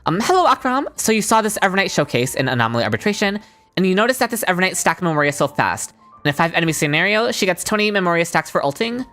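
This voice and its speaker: A woman's voice: lowish voice, sing-song, quick pace, a bit bright. A woman streaming a game, chatting casually and answering her chat.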